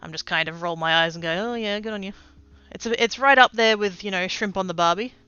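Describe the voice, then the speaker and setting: An Australian woman chatting casually on a livestream while she crafts, rambling and often trailing off into quiet asides. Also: lowish voice, quick pace, clean tone, no room sound, lo-fi sound. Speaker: streamer.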